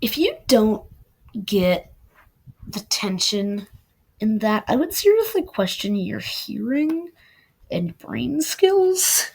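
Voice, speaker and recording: A woman's voice: fairly high pitch, big pitch swings, takes it slowly, gravelly, darkish tone, slightly rough, low-quality recording. A young woman casually reviewing a book, rambling and chatty with many fillers.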